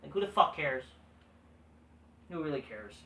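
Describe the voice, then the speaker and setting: A man's voice: fairly high pitch, sing-song, unhurried, sharp tone, distant mic. A man hosting a casual recap show, talking in a blunt, profane, dismissive way. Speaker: host. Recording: echoey room, voice set back from mic.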